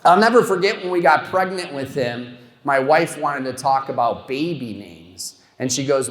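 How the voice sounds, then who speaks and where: A man's voice: mid-range voice, moderate pace, hardly any pauses. A middle-aged man performing a stand-up comedy routine on stage, telling self-mocking stories and chatting with the crowd. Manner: animated storytelling, self-mocking punchlines. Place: comedy show stage before a live audience. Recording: echoey hall with long reverb.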